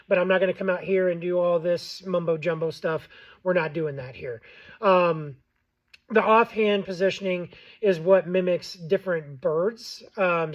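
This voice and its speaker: A man's voice: high voice, highs cut off. A man hosting a casual how-to tutorial, plain-spoken with frequent ums and okays. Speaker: game call maker and tutorial host.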